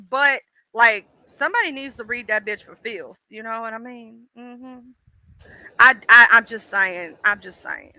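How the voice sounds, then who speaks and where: Woman streamer, casual livestream chat, blunt and swearing, sharp bright tone, dry close mic. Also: a little high, no echo, rough recording. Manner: blunt, chatty, swears freely. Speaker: livestream host.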